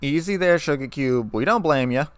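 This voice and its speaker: A man's voice: fairly high pitch, lively intonation, normal speed, smooth, dry recording, close to an everyday voice. A man voicing an easygoing farm-girl pony mare with a folksy, drawling, slightly tired way of talking, in a storybook reading.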